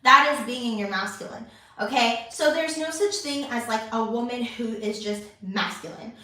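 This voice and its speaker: A woman's voice: on the high side, normal speed, pushed and bright, distant mic. A young adult woman hosting her own channel, talking casually to camera, chatty and full of fillers and restarts. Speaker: lifestyle channel host. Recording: echoey room, voice off-mic.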